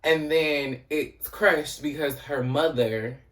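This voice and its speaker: A man's voice: a little high, fairly even intonation, slow, fairly bright tone, far from the mic. A man casually recapping a TV episode as host, chatty and profane, filling his talk with "you know" and "um".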